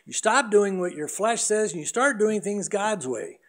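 Middle-aged male pastor, earnest sermon delivery, higher-pitched voice. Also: expressive, moderate pace, fairly bright tone. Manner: earnest preaching, acts out voices in anecdotes.

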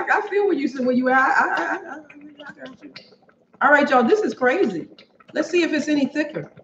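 A woman's voice: high voice, a little hiss or hum. A woman hosting a cooking livestream, chatting casually and exclamatorily with her viewers as she cooks in her home kitchen. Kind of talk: casual chat while cooking and reading viewer comments. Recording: echoey room, dull lo-fi sound.

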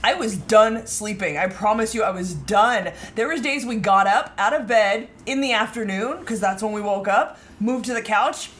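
A woman's voice: mid-range voice, moderate pace, few pauses, fairly bright tone. A woman from the United States co-hosting a baking livestream, chatting casually, laughing often and reading the live chat aloud.

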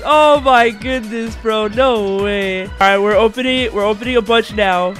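A young man talks through his gameplay in loose, slangy commentary. His voice sits very high and sounds bright and sharp, and he stammers and repeats himself as he goes. Light game music plays under him. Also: a little slow, few pauses. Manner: excitable, shouts and laughs at big wins. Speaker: gaming YouTuber.

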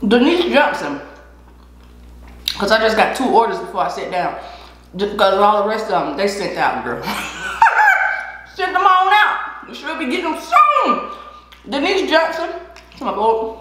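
A woman's voice: a little high, very animated, moderate pace, pauses often, a bit bright, slight background noise. A woman chatting casually while eating on a mukbang vlog, laughing often and giving encouragement. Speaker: vlogger. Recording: echoey room.

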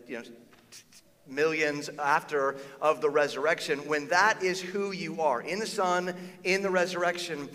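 Animated male pastor in a reverberant hall. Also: a little high. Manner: conversational and animated, acting out quoted voices. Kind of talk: sermon. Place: church auditorium. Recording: long reverb of a church hall.

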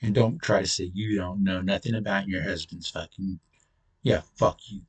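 Male channel host, combative profane ranter, lowish husky voice. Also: normal speed, far from the mic. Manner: profane, blunt, confrontational. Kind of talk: angry solo rant to camera.

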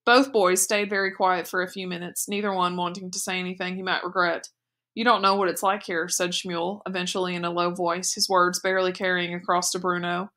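A woman teacher reads a novel aloud in a clear, steady storytelling manner. Her voice is bright and crisp. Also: lowish voice, fairly quick, hardly any pauses.

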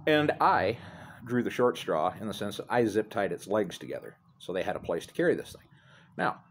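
Holding his phone outside near apartments, a middle-aged man casually tells the camera a rambling, crude, self-deprecating story. He speaks a little fast in a fairly low voice with lively intonation, and slight background noise can be heard.

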